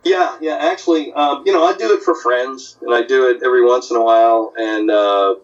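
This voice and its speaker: A man's voice: mid-range voice, a little fast, distant mic, muffled recording. An older man, a comic artist, telling stories in casual talk and putting on voices for the people in them. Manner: animated, puts on voices in anecdotes. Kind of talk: casual storytelling.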